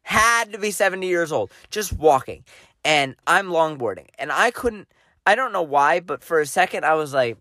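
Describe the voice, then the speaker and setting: A man's voice: fairly high pitch, animated, normal speed, pushed and bright, no room sound. A young man co-hosting a podcast, telling a self-mocking story in casual chat and acting out his own lines. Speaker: podcast co-host.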